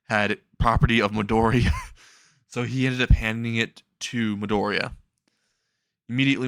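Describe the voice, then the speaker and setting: A man's voice: fairly low pitch, vocal fry, a bit bright, no echo. Man rambling through a fan story. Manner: rambling, restarts, chuckles. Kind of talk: casual fan story narration.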